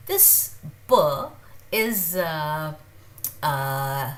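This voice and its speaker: A woman teaching a beginner pronunciation lesson, repeating each sound slowly many times with frequent hesitations. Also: deep voice, animated. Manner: halting, with frequent uh fillers. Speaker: language teacher.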